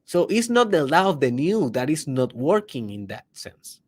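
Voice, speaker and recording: A man hosts a personal development podcast, delivering an emphatic motivational monologue that swings from loud bursts to hushed asides and poses rhetorical questions to the listener. His voice is a little high and sing-song, at a moderate pace.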